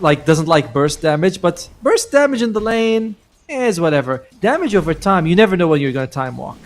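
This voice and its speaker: A man's voice: fairly high pitch, gravelly. A man commentating a live esports match, chatty and joking as he breaks down the play. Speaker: esports caster.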